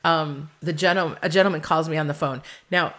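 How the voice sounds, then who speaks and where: Lively storytelling woman, lowish voice. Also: brisk. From United States. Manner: animated storyteller, acts out quoted voices, laughs often. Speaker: farm restaurant owner, guest. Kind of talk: casual storytelling interview.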